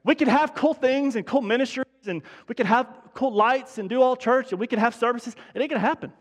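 Brisk and very high-voiced, a male pastor preaches in his church sanctuary with fervent, mounting urgency, repeatedly stumbling and starting his phrases over. Long hall reverb trails through the church recording.

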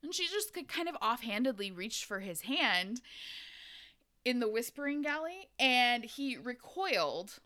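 Bright-voiced woman chatting casually. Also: fairly high pitch, big pitch swings, a little slow. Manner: chatty, profane, filler-heavy, giggly. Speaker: podcast host recapping a book. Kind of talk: casual chat.

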